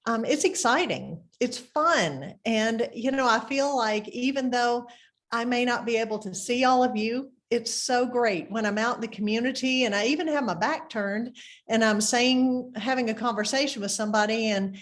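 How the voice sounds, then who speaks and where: A woman's voice: fairly high pitch, moderate pace. A woman with a Mississippi Southern accent hosts a community program, chatting effusively and thanking people. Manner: chatty, effusive, uses "y'all". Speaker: program host. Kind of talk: friendly community program introduction.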